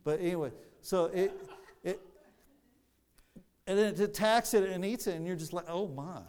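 A man preaching a sermon, explaining scripture in a measured way with frequent restarts. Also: sits high, darkish tone, smooth.

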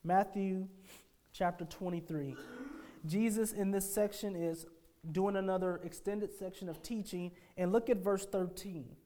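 Emphatic male preacher, mellow voice. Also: sits high, fairly even intonation, measured pace. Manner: emphatic, with rhetorical questions to the congregation; swings between hushed phrases and forceful declarations. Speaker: pastor. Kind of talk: sermon.

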